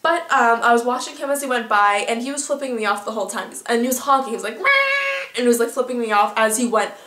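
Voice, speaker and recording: A teenage girl vlogger telling a story in a chatty, filler-heavy, animated way. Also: on the high side, fast, roomy sound. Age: teens. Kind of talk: casual storytelling.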